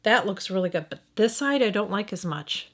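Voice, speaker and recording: A middle-aged woman with a Midwestern American accent talks through a makeup review in a casual, conversational way. She thinks out loud and often trails off, then restarts and corrects herself. Her voice sits at an ordinary middle pitch for a woman. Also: animated, brisk. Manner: thinking aloud, hesitant, frequent restarts and self-corrections. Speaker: beauty vlogger.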